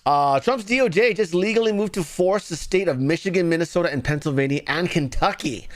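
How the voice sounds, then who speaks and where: A man's voice: a little high, a little fast. A man hosting a livestream, giving casual, sarcastic political commentary and mocking the stories he reads. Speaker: livestream news commentary host.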